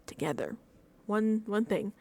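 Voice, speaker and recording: A young woman recapping a reality show in a casual, animated rant, using a lot of filler and often laughing at her own exasperation. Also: medium pitch, unhurried. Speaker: vlogger reacting to a reality show.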